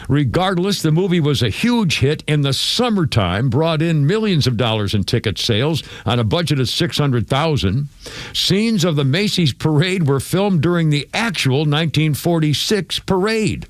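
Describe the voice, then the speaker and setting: A man hosting a radio talk show, chatty and quick to laugh as he talks with callers. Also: fairly high pitch, no echo. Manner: chatty, laughs often, animated.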